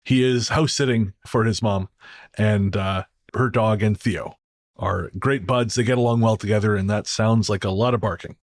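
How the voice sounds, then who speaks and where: A man's voice: lowish voice, steady tone, moderate pace. A man hosting a podcast in a casual, joking, storytelling way. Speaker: podcast host.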